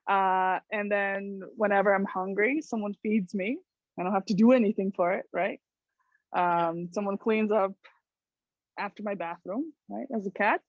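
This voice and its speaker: A female talk show host chats casually and tells stories, animatedly acting out voices. Her pitch is mid-range for a woman and she speaks at a normal speed. The sound is dry and dead with no echo and a slightly muffled top end.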